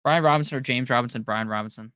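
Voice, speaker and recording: A man hosting a live stream, casually reading out viewer questions and firing back quick, offhand answers with slang. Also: mid-range voice, sharp tone, smooth, no room sound, clean studio sound. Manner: rapid-fire, offhand answers with slang and the odd curse. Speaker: fantasy football live-stream host.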